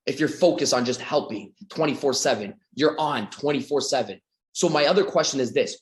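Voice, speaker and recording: A man from Canada giving a motivational sales talk, energetic and acting out little scenes with his voice. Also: fairly quick, reverberant. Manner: energetic, acts out quoted dialogue with big pitch swings. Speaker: sales coach.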